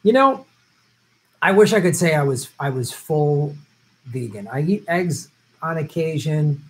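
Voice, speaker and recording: A man's voice: on the high side, animated, unhurried, a bit bright, rough recording. A middle-aged man hosting a casual stream, reading viewer comments aloud and answering them with loose, rambling jokes. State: vegetarian who travels for work. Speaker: host answering viewer questions. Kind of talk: casual live-stream chat.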